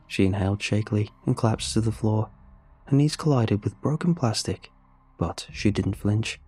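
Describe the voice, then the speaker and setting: Dark, husky male horror narrator. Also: lowish voice, faint music behind. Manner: measured, first-person storytelling. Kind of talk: scripted horror story narration.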